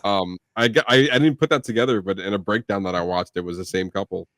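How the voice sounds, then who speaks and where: A young man co-hosts a film review podcast, chatting casually and rambling with lots of "like," fillers and restarts. His voice is deep and a bit bright, and he talks quickly. The studio sound is clean, with no room echo.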